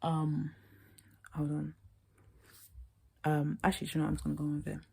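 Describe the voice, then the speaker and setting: A woman's voice: low-pitched, completely flat delivery, a little fast, vocal fry, mellow, husky. A young woman telling a rambling, chatty story. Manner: rambling, chatty, constant "yeah" and "like". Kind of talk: casual storytime monologue.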